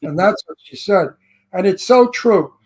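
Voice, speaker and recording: A man's voice: high-pitched, expressive, measured pace, darkish tone. A man with a New York accent co-hosting a casual celebrity interview, talking bluntly and brashly. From Brooklyn, New York. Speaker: co-host.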